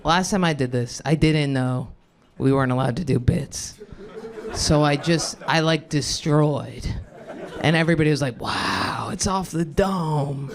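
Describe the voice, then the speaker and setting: A sleep-deprived man doing a rambling, self-deprecating stand-up set with crude stories. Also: on the high side. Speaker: stand-up comedian. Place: comedy club stage.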